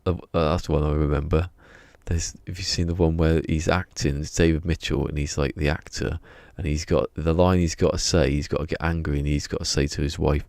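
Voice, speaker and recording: A man's voice: very deep voice, little pitch movement, brisk, hardly any pauses, a little mellow, no room sound. A man, chatting casually on a game live stream and muttering to himself as he tinkers. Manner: rambling, mutters to himself while he works. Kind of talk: casual live-stream chat while playing.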